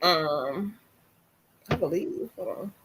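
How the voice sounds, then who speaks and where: Blunt, bright-voiced woman from Jersey. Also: fairly low pitch, slow. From New Jersey. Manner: blunt, profane, animated. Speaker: psychic medium. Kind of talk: live-stream reading.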